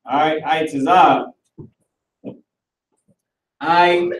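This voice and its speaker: A man teaching an online Hebrew class in a casual, animated way, talking aloud as he works through the screen. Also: fairly high pitch, normal speed, long pauses. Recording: roomy recording from far off the mic.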